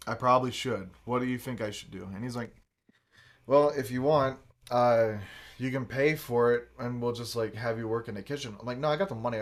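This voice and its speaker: Man, casual podcast chat, animated storytelling, acted-out quotes, frequent swearing. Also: medium pitch. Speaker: podcast host.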